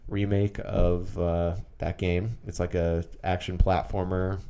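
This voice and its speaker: Low-voiced rambling podcast co-host man. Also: level tone, slow pace, dark tone, a little hiss or hum. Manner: rambling, many ums and restarts. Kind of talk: casual podcast chat.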